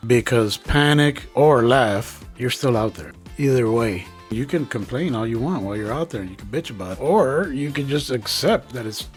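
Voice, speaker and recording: Joking man talking on a trail. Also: medium pitch. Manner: joking, rambling, slangy asides. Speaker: backpacking vlogger. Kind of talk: casual comedic vlog monologue. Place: outdoors on a trail.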